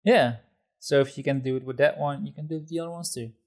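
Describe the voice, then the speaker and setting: Mid-pitched man hosting a podcast. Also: quick pace, darkish tone. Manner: steering the talk, agreeable, with frequent laughs and fillers. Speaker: podcast host. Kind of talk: casual podcast chat.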